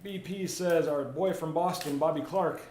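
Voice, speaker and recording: A man's voice: on the high side, moderate pace, a little mellow. A man hosting a live card break, chatting casually while opening packs and reading out viewer comments. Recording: roomy echo, faint ambient noise.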